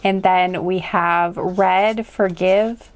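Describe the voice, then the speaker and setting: Slow, rambling woman reading tarot. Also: fairly low pitch, fairly even intonation. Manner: rambling and hesitant, full of likes and ums, laughs often. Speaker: tarot card reader. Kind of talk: casual pick-a-card tarot reading.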